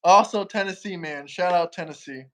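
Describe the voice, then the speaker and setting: A man's voice: high-pitched, moderate pace, fairly bright tone. A man from Florida hosting a livestream, easygoing and urging the chat to send in questions. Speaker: livestream host.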